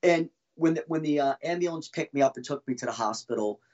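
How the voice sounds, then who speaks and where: A man telling his own story as a podcast guest, halting and restarting often as he talks. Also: fairly high pitch, a little mellow, dull audio. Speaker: guest, former band drummer. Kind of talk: casual podcast interview storytelling.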